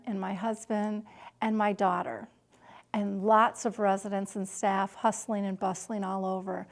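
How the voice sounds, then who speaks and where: A middle-aged woman with a medium-pitched voice tells a personal story about being a caregiver. She speaks slowly and deliberately, sometimes dropping to a hush.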